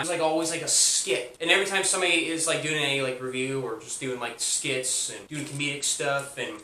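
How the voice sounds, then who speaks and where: Brief: repetitive man rambling through a game review, bright voice, roomy echo. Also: medium pitch. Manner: repetitive, rambling, many fillers. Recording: roomy echo, distant mic, faint hum.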